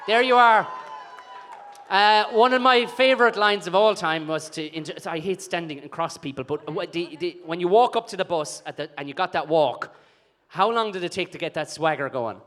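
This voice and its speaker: A man's voice: high voice, moderate pace, fairly bright tone. A man hosting an awards night, joking and teasing the guests on stage before a live audience. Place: event hall with a live audience.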